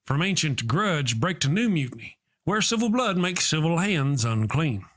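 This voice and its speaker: A man's voice: a little high, sing-song, moderate pace, a bit bright. A man playing a boastful, folksy redneck cowboy who grandly hosts a Shakespeare comedy sketch and recites verse. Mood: dramatic. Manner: folksy, self-important showman.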